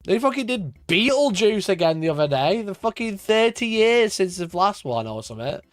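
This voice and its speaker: A man's voice: sits high, sing-song, normal speed, dry recording. A man from Sheffield with a Yorkshire accent, chatting casually on a live stream, swearing and laughing often as he rants. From Sheffield, Yorkshire, England. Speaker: wargaming streamer.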